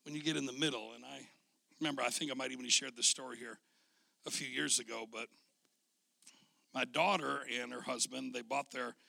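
A middle-aged male pastor with a scratchy, gravelly voice, preaching a sermon in a folksy storytelling way and often repeating his words. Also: mid-range voice, steady tone, fairly quick, long pauses, bright, forceful tone, dry recording.

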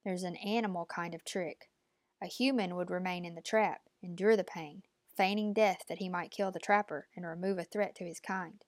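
A woman's voice: fairly low pitch, fairly even intonation, moderate pace, no echo, natural voice. Lady reading as a cold commanding old woman, clipped and bossy, dry recording. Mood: menacing. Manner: clipped, imperious. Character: stern ancient woman tester, cold and commanding.

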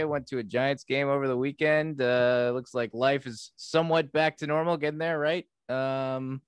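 A man's voice: mid-range voice, smooth, no echo. A young man co-hosting a podcast, chatting casually, laughing often and joking at his own expense. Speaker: podcast co-host. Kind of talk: casual chat.

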